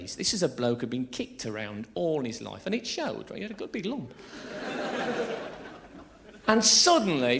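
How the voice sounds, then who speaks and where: Man, stand-up comic, lively swooping voice, slightly high, crude and teasing, theatre stage mic. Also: creaky. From England. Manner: chatty, crude, teasing the audience, laughing at his own jokes. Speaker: stand-up comedian. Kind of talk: live stand-up routine.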